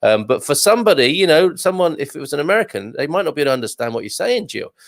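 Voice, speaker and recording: A man's voice: a little high, sing-song, rapid-fire, creaky, dry recording. A man hosting a casual live show, reading out viewer comments and chatting back in a jokey way with lots of fillers and restarts. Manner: reads viewer comments aloud.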